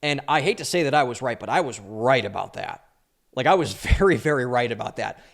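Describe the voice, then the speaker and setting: A man's voice: mid-range voice, animated, fairly quick, vocal fry. A young man giving a solo commentary monologue as host of his podcast, speaking emphatically, drawing out stressed words with an opinionated energy. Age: young adult.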